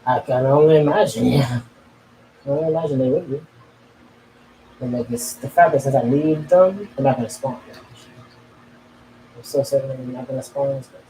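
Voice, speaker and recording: Man, casual chat, offhand, musing, mellow voice. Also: mid-range voice, normal speed, pauses often, slight background noise, rough recording.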